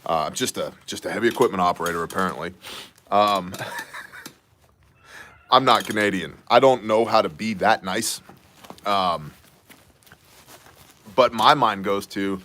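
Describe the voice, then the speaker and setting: A man hosting a casual news commentary show, sarcastic and joking with quick asides. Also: lowish voice, a bit bright. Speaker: host of a news brief show.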